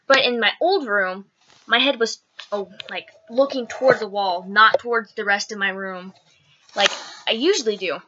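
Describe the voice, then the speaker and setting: A woman's voice: fairly high pitch, highs cut off, noisy background. A woman vlogger telling a story in casual, chatty talk, full of "like" and "okay" and some swearing.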